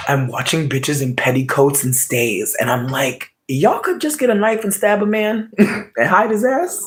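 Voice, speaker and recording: A man talks in a loose, rambling monologue, cursing freely and breaking into laughter. His voice sits at a middle pitch and swings from low, muttered asides to sudden loud shouts. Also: poor audio. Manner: animated, swings between murmur and yelling.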